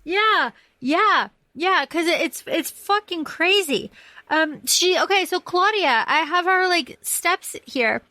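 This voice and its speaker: High-pitched woman podcaster, rambly and sweary, super dry close sound. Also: animated, slow, sharp tone, no room sound. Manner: rambling, enthusiastic, swears freely. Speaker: podcast co-host. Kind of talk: casual film discussion.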